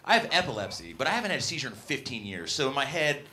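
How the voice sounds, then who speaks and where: A man in his late twenties doing a stand-up comedy set on a club stage, working the crowd in a loud, upbeat way. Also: medium pitch, very animated, racing, a little hiss or hum.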